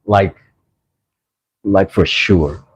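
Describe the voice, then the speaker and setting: A man's voice: low-pitched, very slow, husky, rough recording. A man hosting a casual woodworking livestream, rambling and self-mocking as he reads chat messages aloud.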